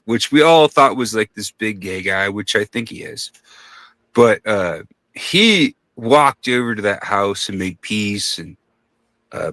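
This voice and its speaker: A man tells a story in loose, rambling podcast talk, swearing freely and bouncing into other people's voices when he quotes them. His voice sounds bright, and the close mic makes it dry, with no room sound. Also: on the low side, dry recording.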